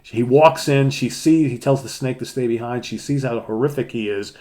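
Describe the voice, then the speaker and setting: A man's voice: mid-range voice, normal speed, darkish tone. A man casually retelling a comic book story as a podcast co-host, with loose fillers and acted-out lines.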